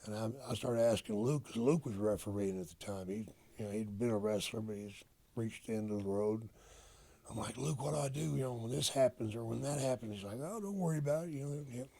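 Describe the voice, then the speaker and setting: An older man, a retired wrestler, telling stories in a casual interview, profane and animated as he acts out old conversations. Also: medium pitch, brisk. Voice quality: gravelly, husky. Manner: profane, animated storyteller acting out quoted dialogue.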